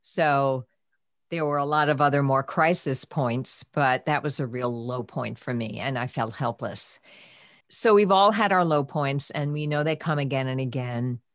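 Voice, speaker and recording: A middle-aged woman with a low voice hosts a podcast conversation, recalling a hard stretch of her life. She speaks softly and with feeling, sometimes sinking to a whisper. The sound is close and dry. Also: normal speed, no echo. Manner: emotional, soft-spoken, drops to a whisper at times. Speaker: podcast host. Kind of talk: personal storytelling in conversation.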